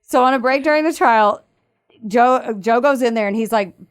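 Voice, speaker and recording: A woman co-hosting a podcast, casually retelling a true-crime story with lively acted-out quotes and frequent laughter. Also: fairly high pitch, normal speed, smooth. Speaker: podcast co-host.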